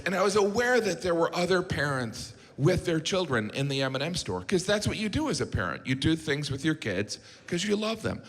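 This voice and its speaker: Deadpan stand-up comedian with lively pitch. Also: male voice, vocal fry. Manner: deadpan with mocking put-on voices. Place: comedy stage before a live audience. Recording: live stage mic with audience noise.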